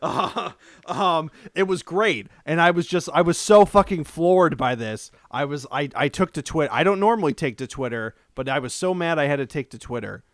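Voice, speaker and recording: A podcast co-host with a voice on the high side, speaking at normal speed, chats casually and tells animated stories laced with plenty of swearing. The recording has no room sound and is studio-clean.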